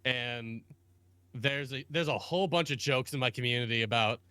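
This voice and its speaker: A man chats on a call in an animated way, laughing often and slipping into put-on voices. His voice is bright and forceful, with smooth, crisp clarity. The sound is dry and close. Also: medium pitch, normal speed, no echo. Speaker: guest streamer. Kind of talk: casual chat.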